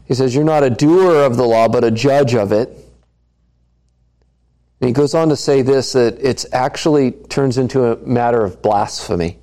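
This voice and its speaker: A man's voice: mid-range voice, normal speed, warm tone. A man preaching a sermon, putting questions to the congregation and repeating key lines for emphasis. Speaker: pastor.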